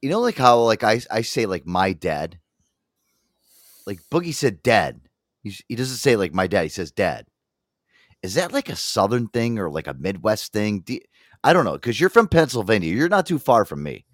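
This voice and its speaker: A man's voice: mid-range voice, brisk, no echo, studio quality. A man co-hosting a podcast in casual chat, rambling and swearing, laughing often and putting on voices when he quotes people. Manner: profane, rambling, laughs a lot, animated quoting voices. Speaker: podcast co-host.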